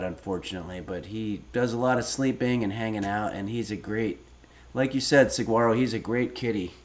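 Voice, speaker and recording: A man in his fifties hosting a casual cooking livestream, reading viewer messages aloud and answering with deadpan, rambling stories. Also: mid-range voice. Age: 50s. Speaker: streaming cooking show host.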